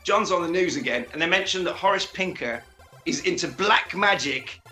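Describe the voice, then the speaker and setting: A man co-hosting a podcast, recapping a film in casual chat with animated, joking retelling and acted-out quotes. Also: high-pitched, normal speed, faint music behind. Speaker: podcast co-host.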